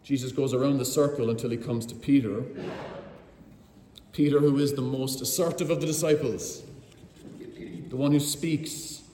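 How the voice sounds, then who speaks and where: A man's voice: mid-range voice, fairly even intonation, normal speed, pauses often, warm tone, slight background noise. A man preaching a sermon, telling the story vividly and speaking directly to his congregation. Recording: roomy hall with long reverb.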